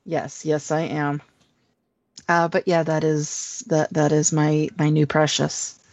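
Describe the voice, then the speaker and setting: Woman co-host; low, unhurried, casual geek chat on dull, dry lo-fi audio. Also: level tone, darkish tone, no room sound. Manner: chatty, upbeat geeky enthusiasm with fillers. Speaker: podcast co-host.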